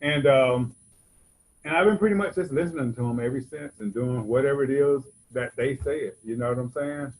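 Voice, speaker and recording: On a convention hall stage, a man from Georgia shares a rambling, conversational personal testimony at a recovery convention, often saying "you know what I'm saying." His voice is medium-pitched and slightly mellow, at a normal speed, and the recording quality is low.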